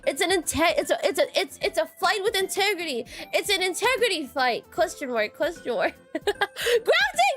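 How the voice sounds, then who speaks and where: A woman streaming as a VTuber, chatting casually with viewers, giggly and full of filler words and repeated phrases. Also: very high-pitched. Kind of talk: casual livestream chat with viewers.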